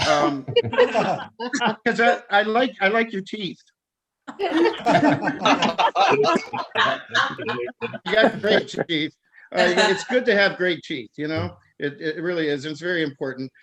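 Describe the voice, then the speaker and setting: High-voiced chatty man on a video call. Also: animated, takes it slowly, long pauses, a bit bright. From Southern California. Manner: rambling, laughs at his own jokes, stammers on restarts. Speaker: stand-up comic.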